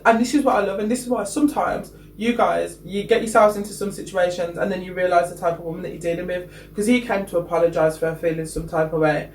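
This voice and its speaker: A young man with a notably high voice, talking in a lively, playful way and acting out what people said. He is picked up from some distance in an echoey room, with faint noise underneath. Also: fast talker, few pauses. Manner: animated, playful storytelling with quoted asides. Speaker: podcast co-host. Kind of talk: casual chat.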